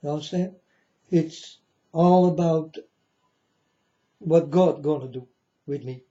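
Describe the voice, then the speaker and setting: Slow, dark-voiced man preaching to viewers. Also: a little high, highs cut off. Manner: slow, repetitive, keeps asking "you understand?". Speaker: channel host. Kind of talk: religious monologue to viewers.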